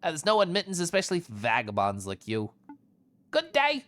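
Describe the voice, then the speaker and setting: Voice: mid-range voice, huge pitch swings, fairly quick, a bit bright, pitched above the performer's own voice. A streamer voicing a curt male border guard who scornfully turns travelers away, reading game dialogue aloud. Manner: scornful, dismissive.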